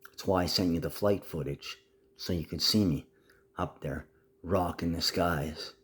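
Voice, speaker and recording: A man with a very low voice rambles through a video message to his family. He sounds agitated and swears freely as he hops from topic to topic. Now and then he slides into a put-on Aussie twang. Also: unhurried, a bit bright. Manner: profane, agitated, jumps between topics; slips in and out of a mock Aussie twang.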